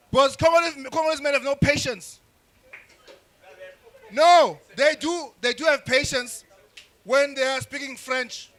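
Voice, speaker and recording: A young man doing crude, rambling stand-up comedy with frequent restarts and shouted bursts. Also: very high-pitched. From South Africa.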